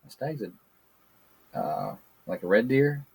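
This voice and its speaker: A man's voice: medium pitch, wildly swooping pitch, a little slow, gravelly, a little mellow, husky. A man co-hosting a casual podcast, talking bluntly and ranting, swearing freely. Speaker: podcast co-host. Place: backyard. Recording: poor audio.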